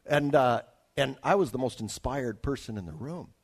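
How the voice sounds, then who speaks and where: A traveling evangelist from Alaska, United States, shares a personal testimony story conversationally, restarting sentences and making asides to his listeners. He speaks at normal speed with a medium-pitched, lively voice that has a breathy edge.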